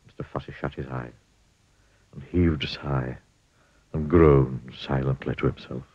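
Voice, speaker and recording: A man reading a children's storybook aloud in a playful, expressive way. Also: rumbling low, unhurried, slightly rough, no echo. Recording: dull lo-fi dry recording.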